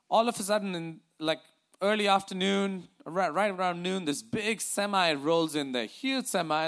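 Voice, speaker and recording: A man preaching a sermon. He reads scripture deliberately, then talks through it conversationally with fillers and restarts. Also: sits high, fairly bright tone. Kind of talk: sermon with scripture reading and storytelling.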